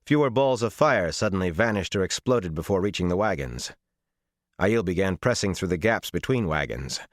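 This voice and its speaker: A man narrating a fantasy audiobook in a measured, dramatic storytelling manner. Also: low-pitched, animated, dry recording, studio quality.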